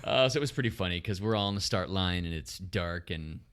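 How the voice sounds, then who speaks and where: Lively, bright-voiced man telling stories. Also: deep voice, fairly quick, clear, resonant tone. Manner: laughs often while telling race stories. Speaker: podcast co-host. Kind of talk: casual chat.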